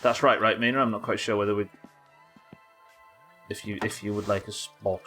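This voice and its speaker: Lowish, sweary British streamer. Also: male voice, fairly even intonation, moderate pace, long pauses, pushed and bright, faint music behind. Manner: chatty, sweary, talks to chat while working. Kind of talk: live gameplay commentary.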